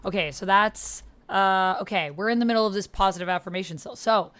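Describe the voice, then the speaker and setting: A woman streamer chatting casually on a livestream, effusively thanking viewers with excited outbursts. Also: mid-range voice, a little fast, clean tone.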